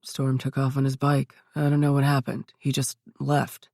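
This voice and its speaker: A woman reading the lines of a grim, quiet male biker in a subdued tone. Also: medium pitch, completely flat delivery, normal speed, vocal fry, no room sound, clean studio sound, voice pushed down.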